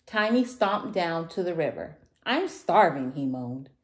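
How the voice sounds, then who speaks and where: A woman reading a picture book aloud to children, warm and sing-song. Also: low voice, expressive, a little slow. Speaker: children's story reader. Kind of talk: read-aloud storytelling for kids.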